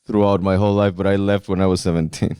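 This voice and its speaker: A man with a smooth, resonant, slightly low voice co-hosts a podcast. He drops in brief, dry remarks during the casual chat. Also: little pitch movement, quick pace, dark tone, no room sound. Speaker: podcast co-host.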